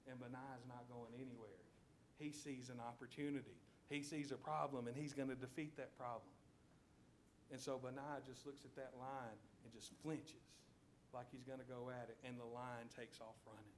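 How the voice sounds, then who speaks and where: A man's voice: mid-range voice, steady tone, moderate pace, slight background noise. A man with a Southern US accent preaching a sermon in church, telling a story vividly and asking his listeners to picture each scene.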